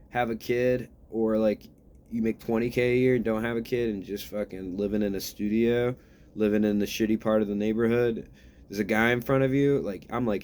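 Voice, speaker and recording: A man's voice: on the low side, moderate pace, a little mellow, slight background noise. A man talking in a casual vlog, rambling and ranting with a lot of swearing. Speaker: vlogger.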